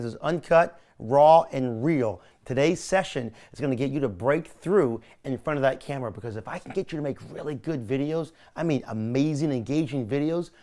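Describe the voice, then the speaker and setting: A man's voice: a little high, fairly quick, few pauses, darkish tone. A man coaching someone on speaking to camera, talking energetically with lots of emphasis and repetition. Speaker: video presentation coach. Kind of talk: coaching session. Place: California.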